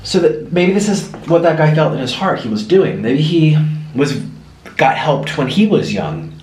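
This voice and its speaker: Animated young man in an echoey room. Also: fairly high pitch, moderate pace, slight background noise. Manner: rambling, animated, mimics others in raised voice. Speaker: vlogger. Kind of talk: casual monologue while eating. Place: home room.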